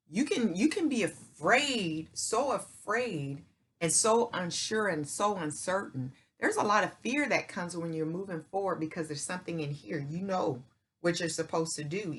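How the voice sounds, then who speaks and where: This middle-aged woman hosts her own channel, with a medium-pitched voice that's slightly rough and a bit bright. Her motivational faith message comes across emphatic and preacher-like, full of folksy "y'all" and "ain't," with repetition and check-ins like "right?" and "okay?"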